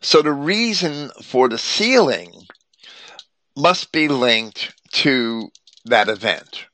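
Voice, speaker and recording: Bright-voiced man explaining scripture. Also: mid-range voice, expressive, slow. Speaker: Bible commentator.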